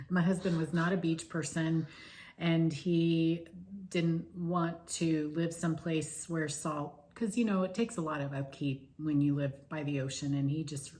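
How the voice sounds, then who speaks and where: A woman's voice: low voice, fairly even intonation, a little slow, a little mellow. A woman co-hosting a stitching channel, chatting casually and wandering off into stories. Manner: chatty, digressive storyteller. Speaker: flosstube co-host.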